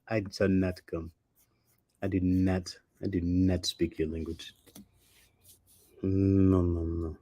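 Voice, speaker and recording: A man voicing a stubborn talking male dog that refuses commands, with slow, dignified refusals. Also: sits low, level tone, darkish tone, dry recording. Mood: haughty refusal.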